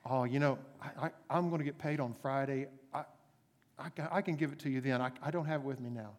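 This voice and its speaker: A man's voice: mid-range voice, close to an everyday voice. A man preaching, acting out a flustered, stammering debtor who begs for time, in a hall with long reverb. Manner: stammering, hurried.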